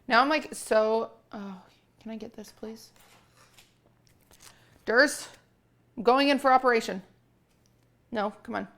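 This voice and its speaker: A woman's voice: on the high side, slow, long pauses, a bit bright. A young woman streaming from her home kitchen, chatting casually with viewers and cooing at her cat between remarks. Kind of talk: casual live-stream chat.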